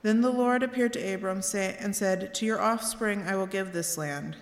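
A woman's voice: medium pitch, normal speed. Woman reading scripture in echoey church. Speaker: scripture reader. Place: church sanctuary. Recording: echoey church with long reverb.

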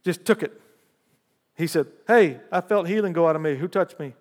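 A man preaching a sermon, reading scripture aloud with rising emphasis and lively call-and-response asides to the congregation. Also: fairly high pitch, normal speed. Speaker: pastor. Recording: long hall reverb.

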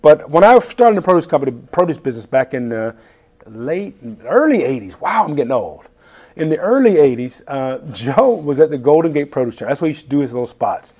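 A man in his fifties, a chef telling stories in a casual interview, animated and laughing as he acts out quotes. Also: a little high, a little fast, slightly rough.

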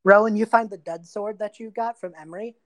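Woman player, tabletop game banter, chatty, quick. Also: medium pitch.

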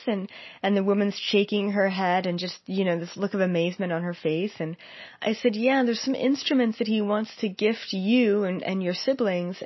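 A psychic medium, a woman, tells a story in a casual way and acts out the quoted lines with lively energy. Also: medium pitch, dry recording. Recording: dull, dry lo-fi recording.

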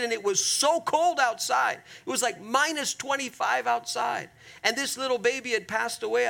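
A man preaching a sermon as pastor, earnest and emphatic, often turning to the congregation and slowing down hard on the key phrases. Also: extremely high pitch, gravelly, pushed and bright. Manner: slows down sharply on key phrases.

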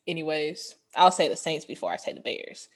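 A woman's voice: sits low, fairly quick. A woman co-hosting a podcast, talking sports in a casual, slangy and playful way. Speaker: podcast co-host.

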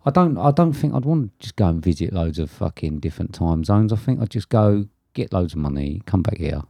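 A man's voice: low-pitched, animated, brisk, creaky, dark tone, dry recording, studio quality. A man, co-hosting a casual film chat in a jokey, sweary way. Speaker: podcast co-host.

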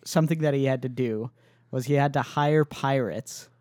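A man's voice: medium pitch, darkish tone, no echo, clean studio sound. A young man co-hosting a podcast, chatting casually and rambling through a story with restarts. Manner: rambling with restarts and quick laughs. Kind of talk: casual chat.

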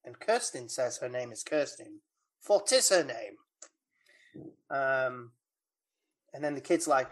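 A woman's voice: a bass voice, unhurried, pauses often. A woman talks through a film plot in a loose, rambling way, full of fillers and little laughs. She sounds like a casual podcast co-host chatting with a friend. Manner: chatty, rambling, giggly recap with many fillers. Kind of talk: casual chat.

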